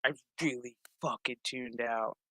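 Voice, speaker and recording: A man's voice: medium pitch, a little slow, no room sound. A man hosting a casual show recap, rambling, swearing freely and acting out the scenes. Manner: rambling, profane, animated. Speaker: host.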